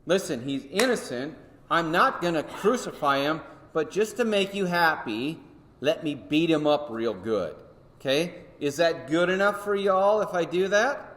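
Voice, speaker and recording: A man's voice: on the high side, expressive, a little slow, a bit bright, pitched above the performer's own voice. A man voicing an exasperated Roman governor who pleads with a mob in casual, incredulous modern phrasing. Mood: placating. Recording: echoey hall.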